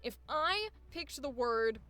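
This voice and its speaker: A woman coaching a voice actor, energetic and emphatic, quick to laugh. Her voice sits fairly high and rings bright and sharp. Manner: energetic, emphatic, laughs often, swears casually. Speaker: voice acting coach. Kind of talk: coaching session.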